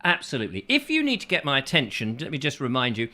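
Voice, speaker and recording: A man's voice: medium pitch, huge pitch swings, fast talker, sharp tone. A man hosting a chatty live show, reading out viewer comments with playful, rambling asides. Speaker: host.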